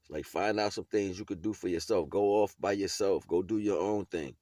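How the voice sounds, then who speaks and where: A man's voice: low voice, a little fast, darkish tone, no echo, clean studio sound. A man giving a casual motivational monologue in street slang, laughing often and checking in with his listener as he talks. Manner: street slang, keeps asking "you know what I'm saying"; laughs often while talking. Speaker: video blogger.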